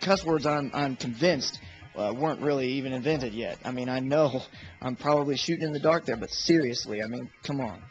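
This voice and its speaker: A young man, a youth pastor giving an informal, emphatic devotional talk and acting out quotes. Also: fairly high pitch. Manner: conversational, emphatic, acts out quotes. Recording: dull lo-fi webcam audio with faint music.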